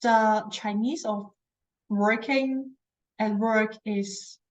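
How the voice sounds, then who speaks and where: A woman's voice: mid-range voice, steady tone, extremely slow, low-quality recording. A woman teaching a language lesson who explains patiently, repeats words for practice and often corrects herself mid-sentence. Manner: self-correcting, searches for words.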